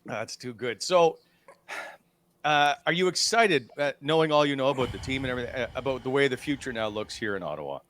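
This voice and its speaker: A man's voice: medium pitch, expressive, brisk, a bit bright, slight background noise. A man hosting a sports talk interview, asking questions in a friendly, joking way. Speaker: host. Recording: dry close studio sound.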